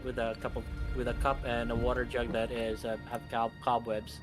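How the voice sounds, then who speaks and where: A man's voice: mid-range voice, flat delivery, normal speed. A man running a tabletop game as game master, describing scenes in a hesitant way full of fillers and restarts. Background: background music.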